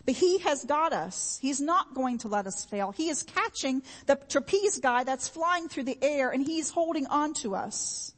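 A woman's voice: sits high, animated, measured pace, hardly any pauses, long reverb tail. A woman preaching a sermon in an earnest, repetitive way, with homey everyday examples.

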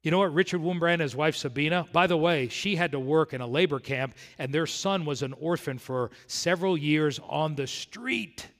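A man from South Florida preaching a sermon verse by verse, moving between quiet and emphatic delivery. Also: fairly high pitch, normal speed, hardly any pauses. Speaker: pastor. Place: church sanctuary. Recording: long hall reverb.

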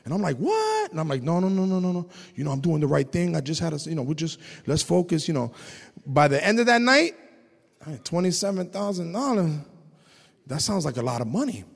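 A man preaching a testimony sermon, telling his story with animated delivery and shouting at high points. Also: a little fast, creaky, long reverb tail.

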